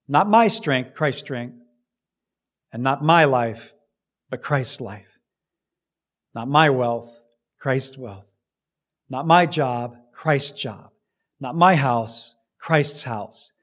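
A man's voice: mid-range voice, expressive, very slow, long pauses, a bit bright. A man preaching a sermon as pastor, with emphatic swells and sudden drops in volume.

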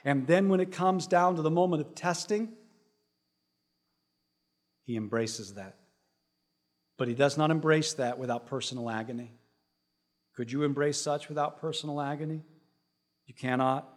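A man preaching a sermon, dropping to a hushed low voice and then building to loud, rising emphasis, with repeated phrases stacked for effect. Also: moderate pace, pauses often. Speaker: pastor.

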